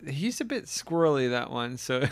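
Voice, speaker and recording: A man's voice: mid-range voice, sing-song, normal speed. A man hosting a podcast in casual chat, giggly and often restarting his sentences. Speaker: podcast host.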